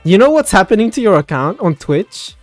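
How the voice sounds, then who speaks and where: A man's voice: high-pitched, sing-song, a little fast, dry recording, soft background music. A man hosting a casual voice chat, ranting with plenty of swearing and laughter.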